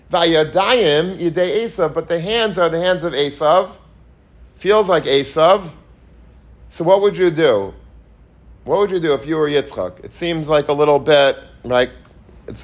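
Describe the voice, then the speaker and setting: A man teaching the weekly Torah portion, earnest and repetitive, asking rhetorical questions and mixing in Hebrew and Yiddish terms. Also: fairly high pitch. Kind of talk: Torah lecture.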